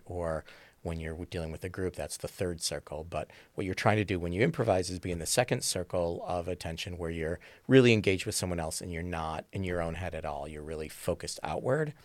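A man's voice: sits low, creaky, no echo. A man who teaches improv, talking thoughtfully in an interview, often checking in with "right?". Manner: thoughtful, rambling with fillers and "right?" tags. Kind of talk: conversational interview.

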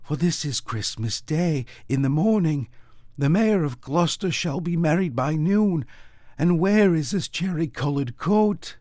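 A man's voice: fairly high pitch, lively intonation, measured pace, a little mellow, no room sound, clean studio sound, pitched above the performer's own voice. A man putting on a worn-out old tailor. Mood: weary. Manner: sighing, worn-out lament. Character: weary, frail old male tailor. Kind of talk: storybook reading.

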